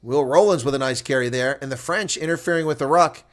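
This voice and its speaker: A man gives live reaction commentary on a rugby match, talking fast at a medium pitch. He calls the play calmly but breaks into excited shouting when big moments hit.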